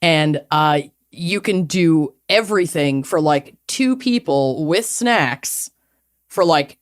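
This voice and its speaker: A woman co-hosting a podcast, talking in a casual, jokey, animated way and swearing now and then. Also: low voice, takes it slowly. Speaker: podcast co-host. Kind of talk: casual chat.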